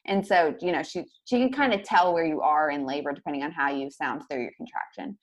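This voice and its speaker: A young woman telling a story as a podcast guest, in a rapid, casual way full of fillers like "like". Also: low voice. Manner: rapid, filler-heavy, peppered with "like".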